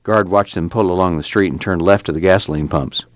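A man narrating an audiobook in a plain, steady reading. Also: sits low, fairly quick, no room sound.

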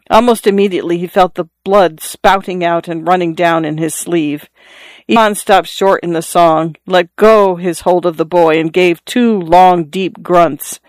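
A narrator reading a literary story aloud as an audiobook, in a measured, even storytelling manner. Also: medium pitch, no echo.

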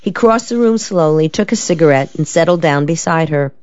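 A woman narrating a novel in a measured, steady storytelling manner. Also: low voice, no echo. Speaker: audiobook narrator. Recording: dull, lo-fi dry recording.

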